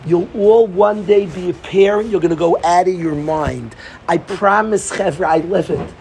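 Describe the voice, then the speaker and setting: A middle-aged man giving an informal Torah talk to a group, excitable and repetitive, often restarting his sentences. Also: high-pitched, normal speed, creaky, a little hiss or hum. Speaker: Torah teacher.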